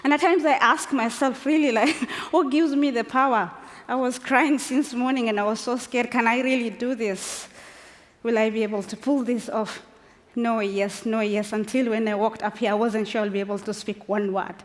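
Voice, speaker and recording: Close to tears, a woman in her forties from Kenya delivers an emotional, unscripted personal speech, passionate and emphatic, with laughs between phrases. Her voice sits on the high side with fairly even intonation at a moderate pace. The large conference hall gives it a long reverb.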